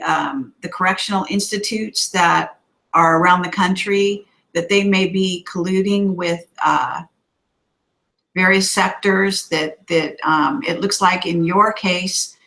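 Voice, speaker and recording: A woman hosting an online live-stream interview, asking questions haltingly with many fillers. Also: mid-range voice, bright, forceful tone, poor audio. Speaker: host.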